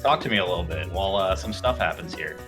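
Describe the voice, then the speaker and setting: A man appearing as a guest on a panel talk show, joking and teasing in a lively way. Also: deep voice, quick pace, music in the background. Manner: jokey, animated, teasing. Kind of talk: casual panel chat.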